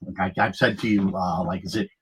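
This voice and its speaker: A middle-aged man chatting as a guest, an animated storyteller who acts out the quoted lines. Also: low voice, fairly quick, breathy edge, low-quality recording. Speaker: guest, lifeguard. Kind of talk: casual conversational storytelling.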